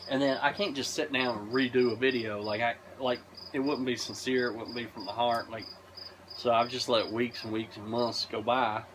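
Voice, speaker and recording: A man's voice: mid-range voice, steady tone, normal speed. A man vlogging casually while grilling outdoors, talking to his viewers in a loose, rambling way full of swearing. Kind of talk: casual rambling chat to camera. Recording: loud insect and cricket noise outdoors.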